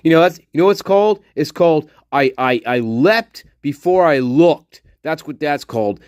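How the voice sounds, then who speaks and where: A man's voice: a little high, expressive, moderate pace, darkish tone, clear, resonant tone, dry recording, studio quality. Profane, ranting man on a livestream. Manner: muttering while reading chat. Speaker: livestream host. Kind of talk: casual livestream chat.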